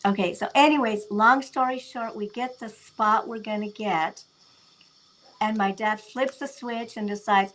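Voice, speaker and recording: A woman's voice: fairly high pitch, measured pace, poor audio. A woman, a guest on a talk show, telling a family story casually and bringing it to life with quoted dialogue. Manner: animated retelling with quoted dialogue.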